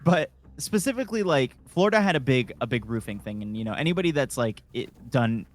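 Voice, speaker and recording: A man with a mid-range voice talks animatedly and fairly quickly on a gaming stream. He rambles through a long story about work, swearing a lot and leaning on fillers.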